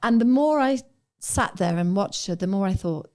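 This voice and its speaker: A woman's voice: mid-range voice, lively intonation, normal speed, a little mellow. Frank, reflective woman podcast guest. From England, raised in Ireland. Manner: frank and reflective, acts out her own past thoughts. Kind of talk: candid podcast conversation.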